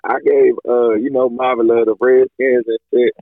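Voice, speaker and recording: Podcast co-host, animated storyteller who acts out the people in his tale, dry lo-fi sound. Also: mid-range voice, normal speed, no echo. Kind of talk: casual storytelling chat. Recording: dull, lo-fi sound.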